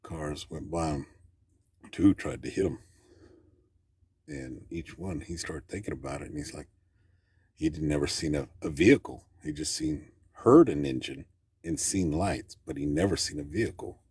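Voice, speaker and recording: A man with an extremely deep, husky voice tells a story as a caller. His talk is plainspoken and rambling, with folksy grammar. The sound is close and dry. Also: normal speed, a little mellow, no room sound. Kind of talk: casual storytelling.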